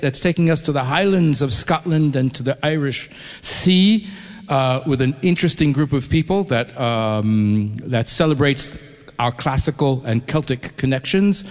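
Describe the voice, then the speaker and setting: A man who grew up in New York, speaking enthusiastically and conversationally to a concert audience, with frequent restarts. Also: medium pitch. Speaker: orchestra executive addressing a concert audience. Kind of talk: live speech to an audience. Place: concert hall. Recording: long hall reverb.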